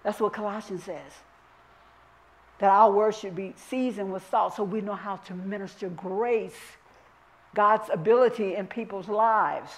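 A woman minister teaches scripture in church, with a light lilt. She drawls each verse slowly and presses every point home through repetition. Her voice sits in an ordinary middle register for a woman. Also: mid-range voice, rough recording. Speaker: minister teaching Bible study. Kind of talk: sermon-style Bible teaching.

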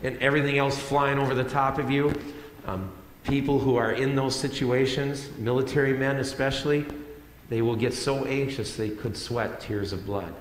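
A male pastor delivers a sermon in a plain, conversational way, circling back on phrases to press them home. His mid-pitched voice rings around a church sanctuary with a long reverb tail. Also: steady tone, moderate pace, a little hiss or hum. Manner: conversational, repeats phrases for emphasis. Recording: echoey hall with long reverb.

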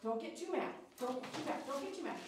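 A woman dog groomer talking softly to a dog as she grooms it, coaxing it along with short, repeated soothing phrases. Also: high-pitched, lively intonation, quick pace, a little hiss or hum. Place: grooming salon. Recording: echoey room, distant mic, clipper buzz.

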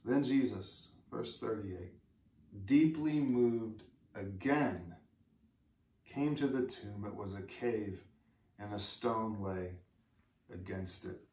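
A man's voice: on the low side, takes it slowly, warm tone. A man preaching a sermon as pastor, in an earnest, conversational way and putting questions to his listeners. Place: church sanctuary. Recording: echoey room, mic far off.

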